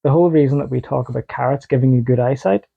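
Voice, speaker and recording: A man's voice: mid-range voice, fast, vocal fry. A man co-hosting a casual podcast, telling loose stories and laughing easily. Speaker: podcast co-host. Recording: dull lo-fi podcast audio.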